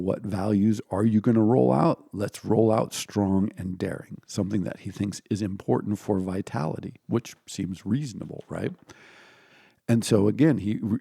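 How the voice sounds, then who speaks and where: Gravelly, husky male lecturer, digressive. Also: on the low side, dark tone, dry recording, studio quality. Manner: digressive, self-correcting, acts out quoted voices. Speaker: philosophy lecturer. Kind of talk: informal spoken lecture.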